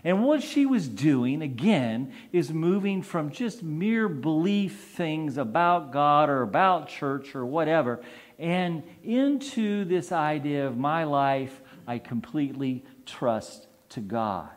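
A male priest preaches a sermon, chatting with his congregation and asking them questions. His voice is slightly higher than most men's and moves a lot in pitch. He takes his time with each phrase. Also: expressive, slow pace. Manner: conversational, asks the congregation questions.

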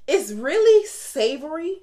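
A woman chats on a podcast in a fairly high voice that swings widely up and down. She tells her stories with animated energy and keeps laughing along the way. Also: slow pace. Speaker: podcast co-host. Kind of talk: casual podcast chat.

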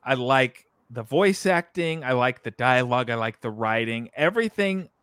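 A man's voice: mid-range voice, normal speed, a bit bright, smooth, no room sound, studio quality. A man co-hosting a podcast, chatting casually about video games, rambling with many fillers and self-corrections. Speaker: podcast co-host. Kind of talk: casual video game discussion.

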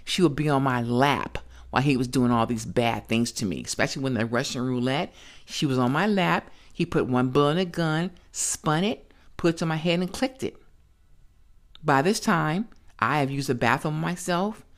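A woman's voice: extremely low pitch, normal speed. An older woman, a grandmother, speaking as a podcast guest and giving a blunt, plain-spoken personal testimony.

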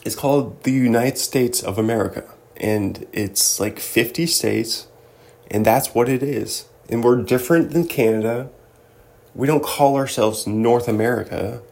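A man's voice: mid-range voice, measured pace, vocal fry, a little mellow. A young man hosting a casual solo commentary, joking and laughing often as he reads through a list. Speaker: host.

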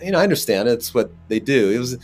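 Male actor guest, mid-pitched, chatty, rambling anecdotes with frequent fillers. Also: lively intonation, very fast, a little mellow, soft background music. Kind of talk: casual interview storytelling.

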